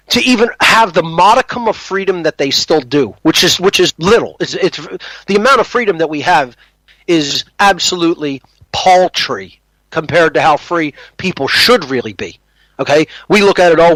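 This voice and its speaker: A man from the United States speaks as a podcast guest in an impassioned, emphatic monologue, pressing points with a repeated "okay?". His voice sits a little high for a man. The sound is dry and close, with no room around it. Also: fairly bright tone, dry recording, poor audio.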